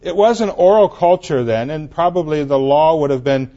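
A man's voice: a little high, animated, normal speed, mellow, dull audio. A man preaching a conversational sermon, walking through scripture and telling personal anecdotes to his congregation.

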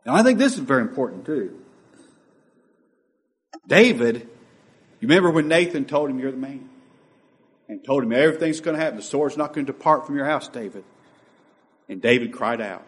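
Impassioned preacher man with lively pitch. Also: brisk, pauses often. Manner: impassioned, swings between loud emphasis and near-hushed asides. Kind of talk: sermon.

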